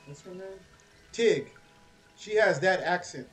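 A man doing casual, excitable gameplay commentary as a streamer, chatty and cursing at enemies. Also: high-pitched, takes it slowly, faint music behind. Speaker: gaming streamer.

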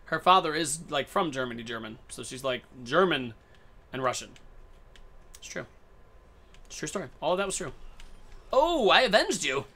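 Bright-voiced excitable male game streamer. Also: mid-range voice, fairly quick, pauses often. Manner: excitable, playful, jokey running commentary. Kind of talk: casual live-stream gameplay chat.

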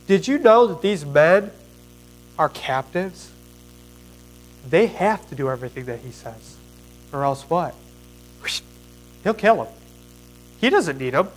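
A man preaching a sermon, retelling a Bible story in a folksy, animated way with plain slang. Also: high-pitched, moderate pace, rough recording.

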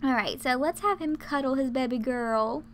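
A woman's voice: high voice, moderate pace, a little hiss or hum. A woman casually commentating her life-sim game, chatty and laughing often. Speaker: let's play host.

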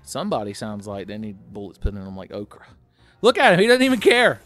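Animated, foul-mouthed gaming man. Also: fairly low pitch, fast talker, soft background music. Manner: profane, sarcastic, bursts into yelling. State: tipsy from drinking. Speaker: gaming show host. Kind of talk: let's-play commentary.

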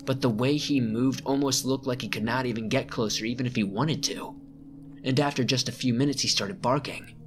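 A man reading out a first-person scary camping story as a narrator, measured and slowing down at the tense moments. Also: mid-range voice. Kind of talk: scripted narration.

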